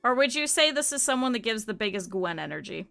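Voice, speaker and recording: A woman with a slight lisp chats with her viewers while she plays a game, bright-toned and a little high-pitched. She talks fast and lively, with bursts of laughter, and faint music plays behind her. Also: creaky. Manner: chatty and animated, often laughing. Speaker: streamer. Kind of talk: casual gameplay chat with viewers.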